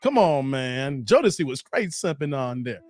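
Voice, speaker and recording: A man's voice: medium pitch, very animated, moderate pace, music in the background. A man hosting a reaction video, talking animatedly and breaking into sung song hooks between remarks. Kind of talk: casual reaction commentary.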